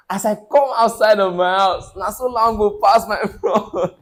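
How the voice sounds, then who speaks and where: Male vlogger, young, excitable, fairly high pitch, casual recap. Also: normal speed, hardly any pauses, rough recording. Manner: excited, laughs often, slangy.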